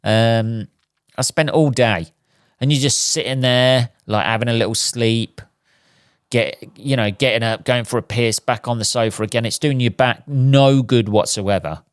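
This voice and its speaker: A man's voice: medium pitch, measured pace, clear, resonant tone, no echo, clean studio sound. A man hosting a solo podcast, talking in a sweary, rambling comic rant. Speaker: podcast host. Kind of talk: casual solo podcast monologue.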